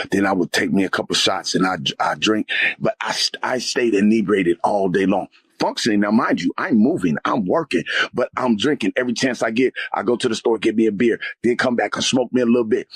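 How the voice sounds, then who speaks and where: A man telling an intense personal testimony as an interview guest, speaking emphatically and rising to near-shouts at dramatic moments. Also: fairly low pitch, slightly rough, dry recording.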